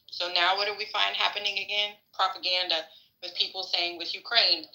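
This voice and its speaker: A woman's voice: medium pitch, steady tone, fairly quick, sharp tone, low-quality recording. A woman sharing frank, opinionated views in a casual political discussion, swearing freely.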